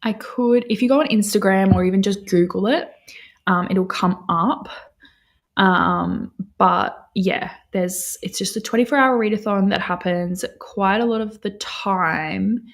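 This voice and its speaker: Woman, young adult, husky gravelly voice, rambling casual stream chat. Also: medium pitch, a little slow. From Australia. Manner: chatty, rambling, answers viewer chat, many fillers. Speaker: livestream host.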